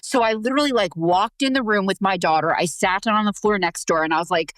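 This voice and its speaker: A woman's voice: medium pitch, fast, few pauses, fairly bright tone, no room sound. A woman hosting a podcast who tells a personal parenting story in an open, emotional and informal way, swearing now and then. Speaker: podcast host.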